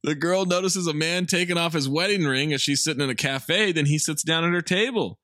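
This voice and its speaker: A man's voice: fairly high pitch, brisk, dry recording, studio quality. A man co-hosting a comedy podcast, recapping a film's plot in a wry, offhand way. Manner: narrates plot in a flat, wry tone with swearing. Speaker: podcast co-host recapping the movie. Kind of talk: casual comedic movie recap.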